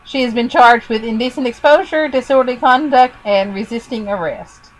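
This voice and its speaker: A woman's voice: fairly high pitch, moderate pace, low-quality recording. A woman from Kentucky co-hosting a podcast, playful and teasing as she reads out strange news stories. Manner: playful, lightly teasing storyteller. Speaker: podcast co-host. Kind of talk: casual chat, reading news stories.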